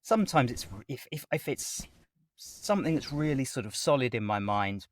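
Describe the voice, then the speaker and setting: Interviewed as a guest, a voice actor talks at length about his craft in an animated, chatty way. He speaks with a mid-range voice at a moderate pace.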